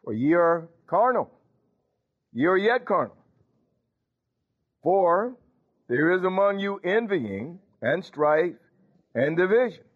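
A male pastor, preaching a sermon in a folksy call-and-response manner, laughing often. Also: on the high side. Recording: tinny phone-like church recording.

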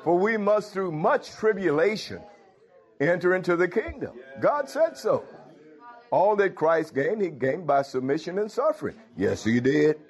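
A man preaching a sermon, firing rhetorical questions and swinging from low murmurs to loud exclamations, with chuckles between phrases. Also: animated, moderate pace, soft background music.

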